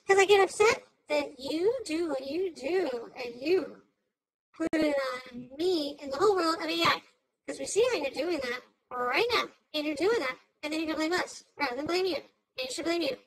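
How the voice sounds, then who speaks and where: A woman with a high voice plays a hyper, chattering female AI cartoon host rambling through commentary on a news clip. She swings between shouts and mutters, and the recording is rough.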